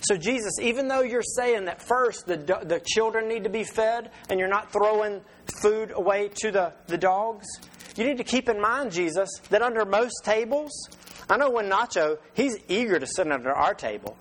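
A man's voice: high-pitched, animated, moderate pace, poor audio. A man preaching a sermon as pastor in a conversational way, with rhetorical questions and restarts.

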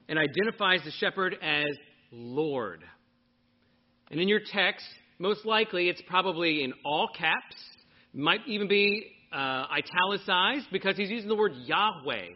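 Male pastor, high and animated, sermon to a live congregation, muffled lo-fi sound. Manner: animated preaching, questioning the congregation.

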